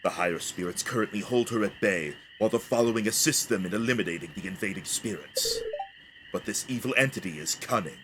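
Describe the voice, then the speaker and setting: A man voicing a stern male spirit guardian in a video game, speaking in a measured, solemn way. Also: lowish voice, voice pushed down, natural voice. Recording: steady background noise.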